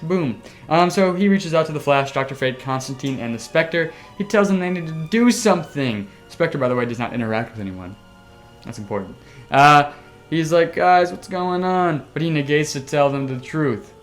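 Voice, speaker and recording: A man hosting a casual podcast, telling a story excitably with sound effects and the odd swear word. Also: fairly high pitch, moderate pace, faint music behind. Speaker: podcast host.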